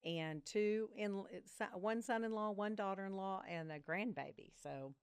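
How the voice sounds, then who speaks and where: Lively woman telling family stories. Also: mid-range voice, measured pace, clear, resonant tone, no echo. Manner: animated storyteller, acts out quoted voices. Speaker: guest. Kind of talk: casual podcast conversation, storytelling.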